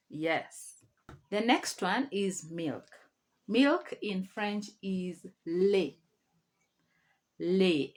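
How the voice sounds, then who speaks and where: Very slow, deliberate woman teaching French. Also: mid-range voice. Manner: slow, deliberate, repeats each word for learners. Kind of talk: online language lesson.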